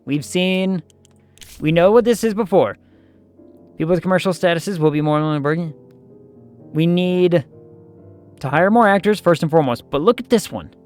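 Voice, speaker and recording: A man's voice: sits high, a little mellow. A man streaming a management game, chatting casually and thinking aloud as he plays.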